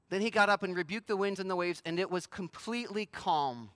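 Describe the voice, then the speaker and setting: A man preaching with a high, bright voice, speaking close to a dry microphone. He keeps a casual, conversational tone but presses hard on his main points. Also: expressive, normal speed, no echo. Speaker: pastor. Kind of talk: sermon.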